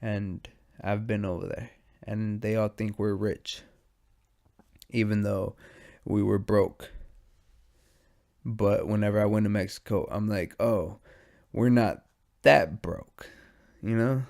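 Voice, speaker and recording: A young man hosting a podcast alone, high and sleepy, rambling in casual, profane slang. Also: little pitch movement, unhurried, creaky, long pauses, warm tone. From United States. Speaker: podcast host. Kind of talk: casual stoned monologue.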